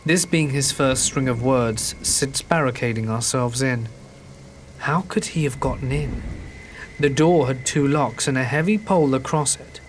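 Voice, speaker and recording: A man reading a true horror story aloud in a calm, measured storytelling manner. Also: medium pitch, a little hiss or hum. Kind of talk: scripted narration. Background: faint rain.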